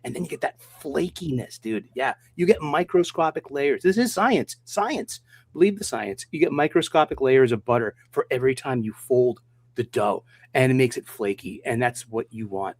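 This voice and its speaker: A man bantering on a comics panel, boastful and quick to laugh. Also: medium pitch, lively intonation, no echo. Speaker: podcast panelist. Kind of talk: casual chat.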